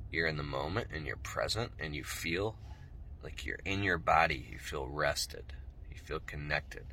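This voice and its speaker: A middle-aged man talking slowly and softly to his viewers about spirituality, meandering and yawning as he goes. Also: rumbling low, animated, slight background noise. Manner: slow, soft, meandering, pauses often. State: yawning, tired. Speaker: spiritual vlogger. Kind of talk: casual spoken talk to camera.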